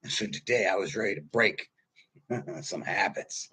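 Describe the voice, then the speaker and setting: A man in his fifties giving a casual sermon, telling stories in a husky voice that swings from quiet asides to loud bursts. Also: fairly low pitch, normal speed. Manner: animated storytelling, swings from quiet to loud, laughs often. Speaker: pastor.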